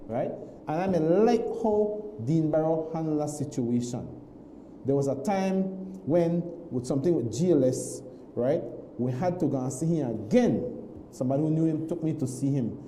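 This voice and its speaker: A man tells a personal story on a morning talk show, animated, often repeating himself and restarting his sentences. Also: fairly high pitch, normal speed, roomy sound, a little hiss or hum, low-quality recording. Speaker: guest.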